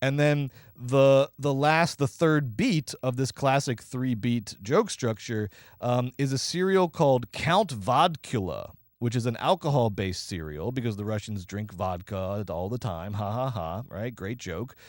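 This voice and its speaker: A man co-hosting a movie podcast, riffing sarcastically and quickly through a review. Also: mid-range voice, no room sound, clean studio sound. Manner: sarcastic, animated, rapid riffing. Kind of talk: casual movie review chat.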